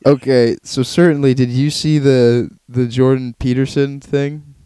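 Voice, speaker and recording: A man co-hosting a chat in casual, crude banter, animated and laughing often. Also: medium pitch, unhurried, smooth, dry recording.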